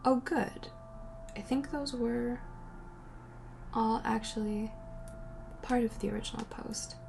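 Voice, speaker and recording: A young woman answering viewer questions at home, rambling and giggly, often trailing off into soft whispers. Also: a little high, steady tone, takes it slowly, gravelly, over music. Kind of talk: casual solo Q&A chat. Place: at home by a window.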